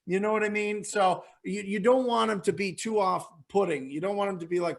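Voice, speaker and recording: A man coaching real estate investors in a webinar Q&A, energetic and motivational, often repeating phrases for emphasis. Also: high voice, brisk, vocal fry, few pauses. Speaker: real estate wholesaling mentor, webinar guest.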